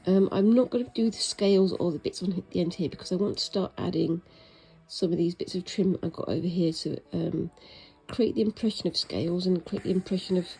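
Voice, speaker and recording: A British woman rambles gently through a casual chat while working on her stitching, full of self-mockery and sometimes soft-spoken. Her fairly low voice has vocal fry and a slight roughness, and she talks a little fast. The recording is low quality.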